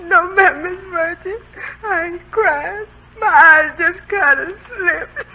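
An actress playing a loyal household servant who is crying, in drawled dialect speech. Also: female voice, extremely high pitch, normal speed. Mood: tearful. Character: loyal household servant woman, tearful and devoted. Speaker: actress in an old film. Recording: tinny old film soundtrack.

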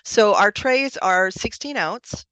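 A woman's voice: mid-range voice, takes it slowly, a bit bright, no echo. A woman from Wisconsin, a produce company executive, answering interview questions with enthusiasm. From Wisconsin, USA. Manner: enthusiastic, businesslike.

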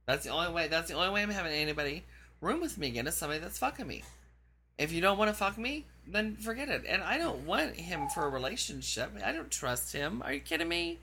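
A woman hosting a crude casual chat, brash and profane, gossiping loudly and short on sleep. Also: low voice, slight background noise. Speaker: show host.

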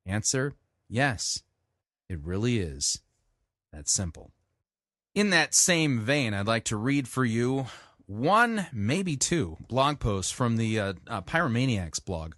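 A man's voice: very animated, slow, fairly bright tone, no echo, studio quality. A man hosting a podcast, delivering a sarcastic monologue styled like an infomercial, emphatic and list-driven. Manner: mock sales-pitch delivery, emphatic lists. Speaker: podcast host.

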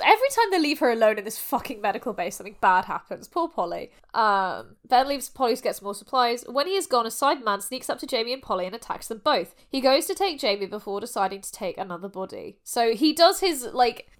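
A woman's voice: on the high side, big pitch swings, fast talker, hardly any pauses. A woman co-hosting a casual podcast, recapping episodes with frequent laughter and a bit of swearing. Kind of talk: casual chat.

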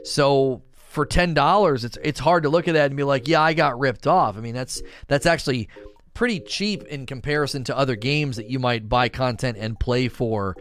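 A man's voice: medium pitch, normal speed. A man giving casual video game commentary and answering viewer questions, talking in a rambling way with many restarts and asides. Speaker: gaming content creator.

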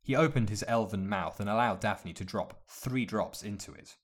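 Male narrator, lower voice, steady and measured storytelling. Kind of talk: audiobook narration of fan fiction.

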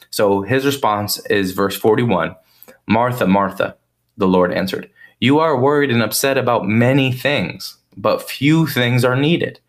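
A man's voice: on the low side, a bit bright. A man hosting a podcast, teaching a Bible passage in a conversational way and often asking "right?". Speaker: podcast host teaching scripture.

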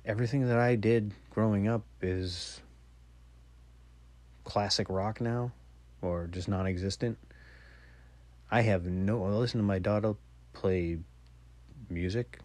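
A middle-aged man talks through a casual podcast monologue in a fairly low voice. He rambles and pokes fun at himself. The recording is dry and close, with no room sound. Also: normal speed, a little mellow, no echo. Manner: rambling, self-deprecating storytelling. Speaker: podcast host.

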